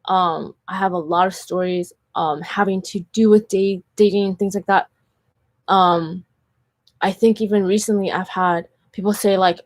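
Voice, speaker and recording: A woman's voice: mid-range voice, steady tone, normal speed, no echo. A woman vlogger telling personal stories in a casual, earnest way, with lots of "like" fillers. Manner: chatty, heavy use of "like" fillers; earnest and candid. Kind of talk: casual storytelling vlog.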